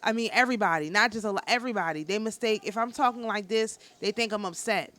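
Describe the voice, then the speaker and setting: A woman who is a spiritual teacher and tarot reader gives a casual spiritual talk. She speaks fast in a mid-range voice, calm, nonchalant and matter-of-fact, with a passionate undertone and frequent restarts.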